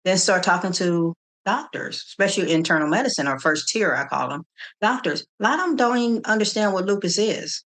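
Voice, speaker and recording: A middle-aged woman from the Kansas City area, telling her story in an interview with animated quoted dialogue and frequent restarts. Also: mid-range voice, a little fast. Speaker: interview guest, nonprofit founder.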